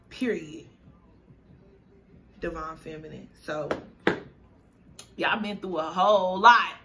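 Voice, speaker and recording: A woman's voice: mid-range voice, a bit bright, slight background noise. A woman giving a spiritual tarot reading to her viewers, emotional and affirming, repeating herself as she gets choked up. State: choked up, near tears. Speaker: tarot reader.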